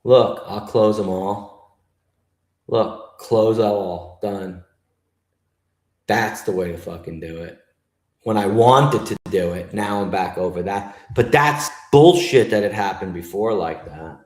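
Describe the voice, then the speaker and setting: A man who grew up in New York runs a live trading stream, cursing and complaining as he narrates his screen to viewers. He talks at an unhurried, drawn-out pace, and his voice rings a little in a roomy space. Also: fairly low pitch, a little mellow. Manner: profane, griping, talks to chat. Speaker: livestream trader host.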